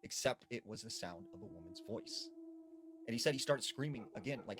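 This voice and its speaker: A man's voice: medium pitch, lively intonation, moderate pace, fairly bright tone, a little hiss or hum. A man casually retelling spooky stories in a conversational way, full of fillers like "like". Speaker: storyteller. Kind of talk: casual spoken ghost story narration.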